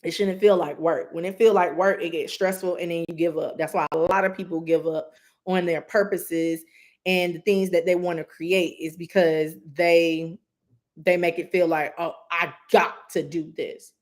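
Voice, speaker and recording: A woman's voice: lowish voice, steady tone, normal speed, darkish tone. A woman doing a live intuitive reading, giving earnest, direct advice with many asides. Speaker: psychic reader.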